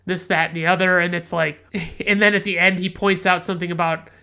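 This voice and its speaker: A man's voice: sits high, level tone, fairly quick, gravelly, bright, forceful tone, clean tone. Profane rambling podcast man. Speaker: podcast host, film reviewer. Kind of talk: casual movie recap.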